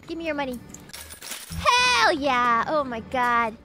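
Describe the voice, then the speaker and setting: A woman's voice: sits high, sing-song, slow, noisy background. A woman streaming a game, chatting casually and teasingly, and giggling as she thanks donors.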